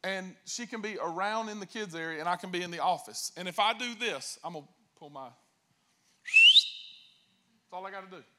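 A man preaching a sermon as pastor, telling jokes and stories in a lively way and acting out quoted voices. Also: high-pitched, a little fast, pauses often, very noisy. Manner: animated, joking storytelling with acted-out voices.

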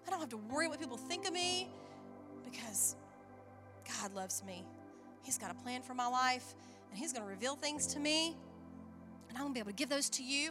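A woman preaching a sermon in an animated way, acting out the voices she quotes. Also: high voice. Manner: animated, acts out quoted voices, chuckles at herself.

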